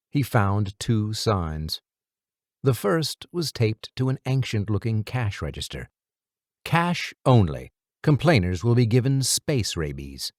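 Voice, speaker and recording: A man narrating an audiobook in a lively, expressive storytelling manner on a close studio mic. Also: mid-range voice, no room sound. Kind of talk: scripted narration.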